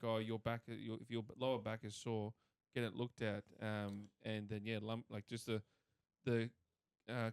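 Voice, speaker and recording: Man, Australian accent, smooth clear voice, podcast co-host, rambling storyteller, casual chat. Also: lowish voice. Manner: rambling animated storyteller, swears freely.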